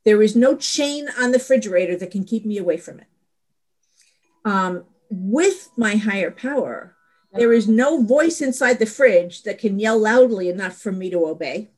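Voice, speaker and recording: A woman's voice: mid-range voice, expressive, normal speed, darkish tone. A middle-aged woman giving a candid, rambling personal share at a support meeting, laughing at herself. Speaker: recovery meeting speaker.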